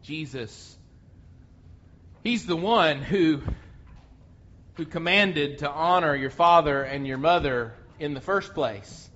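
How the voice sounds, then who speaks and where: A man preaching a sermon, slow and earnest, often restarting his words. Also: fairly high pitch, bright, forceful tone. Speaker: pastor. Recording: muffled lo-fi sound.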